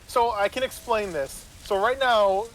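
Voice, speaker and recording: Over a noisy crowd, a game master with a high-pitched voice unhurriedly retells a tabletop session. He rambles casually, swears, and keeps asking "right?"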